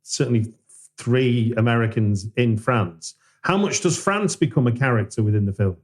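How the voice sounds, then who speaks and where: A man's voice: medium pitch, moderate pace. A man hosting a podcast, asking hesitant questions and reading a sign-off. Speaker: podcast host. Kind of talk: interview and podcast outro.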